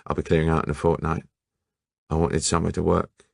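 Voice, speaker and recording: A man's voice: a bass voice, monotone, brisk, vocal fry, no echo, clean studio sound. A man voicing an offhand young male sculptor with a muffled voice and a faint Cockney accent.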